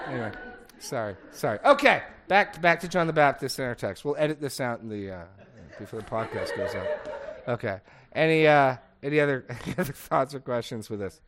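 A man's voice: mid-range voice, lively intonation, fairly quick, fairly bright tone, slight background noise. A middle-aged man leading a casual Bible study discussion, chatty and digressive, laughing often as he talks.

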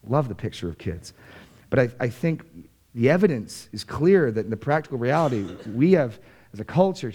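A man preaching a sermon, reading scripture aloud slowly and repeating key phrases for stress. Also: medium pitch, a little mellow. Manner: reads scripture slowly, then preaches with rising emphasis. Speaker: pastor.

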